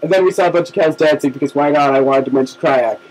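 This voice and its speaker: A man's voice: on the high side, quick pace. A young man making up a goofy, rambling story with a friend. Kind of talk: improvised joking storytelling. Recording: loud mic noise, crackly home recording.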